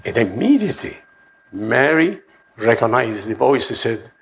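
A man preaching a sermon, halting and often repeating words as he restarts his phrases. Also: mid-range voice, very animated, vocal fry, a bit bright, slightly rough.

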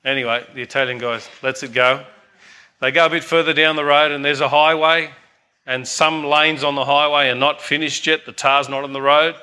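A man's voice: on the high side, steady tone, normal speed, pushed and bright, smooth. An older man preaching a sermon earnestly, often asking the congregation "amen?".

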